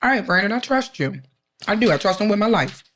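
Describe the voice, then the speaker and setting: Animated woman telling a funny story. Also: medium pitch, brisk, a little hiss or hum. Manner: animated storyteller, swearing, acts out quotes. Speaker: podcast co-host. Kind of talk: casual chat, storytelling.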